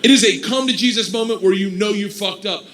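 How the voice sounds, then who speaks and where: A man telling a wild story as a stand-up comedian, animated and building to loud punchlines. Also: high voice, fast, slight background noise.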